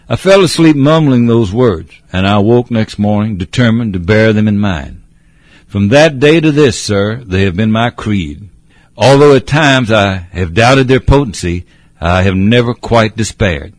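A man narrating a storybook in a measured, old-fashioned way, addressing a listener as sir. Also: medium pitch, animated, no room sound.

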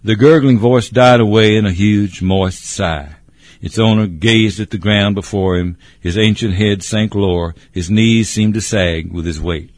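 A man narrating a story in a measured, descriptive way. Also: fairly low pitch, no room sound. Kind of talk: storybook reading.

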